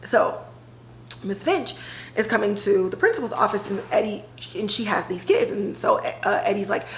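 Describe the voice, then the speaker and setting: A woman podcast host retelling a TV episode in a casual, animated way, full of filler words. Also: mid-range voice, moderate pace, roomy sound, slight background noise, poor audio. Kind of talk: casual storytelling recap.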